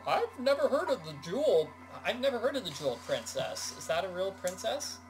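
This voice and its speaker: A man's voice: sits high, big pitch swings, brisk. A man chatting casually and joking while hosting a video game walkthrough. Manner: joking, rambling banter. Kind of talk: casual gameplay chat. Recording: game music behind the voice.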